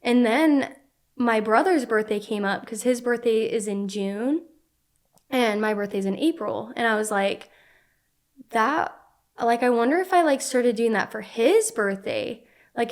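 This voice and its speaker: A woman in her twenties, a podcast guest telling personal stories in an earnest, casual way, peppering her speech with "like.". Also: mid-range voice. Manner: earnest, heavy use of "like" fillers. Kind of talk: casual conversational storytelling.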